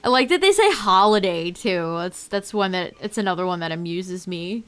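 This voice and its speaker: A woman's voice: lowish voice, expressive, moderate pace, fairly bright tone, clean tone, faint music behind. A young woman streaming a game, chatting playfully and giggling often. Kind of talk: casual chat while streaming a game.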